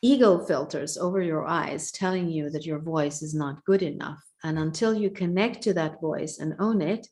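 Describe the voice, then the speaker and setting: Earnest woman, slightly low voice. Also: moderate pace, hardly any pauses, a little mellow. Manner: earnest, searching, repeats phrases. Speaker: guest speaker. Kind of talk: reflective conversational talk.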